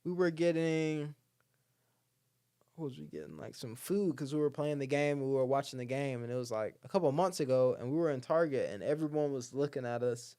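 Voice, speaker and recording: Speaking a little fast in a clear, resonant, medium-pitched voice, this young Alabama man tells stories as a podcast guest in casual conversation. He's animated, acting out the people he quotes and saying "like" and "bro" a lot.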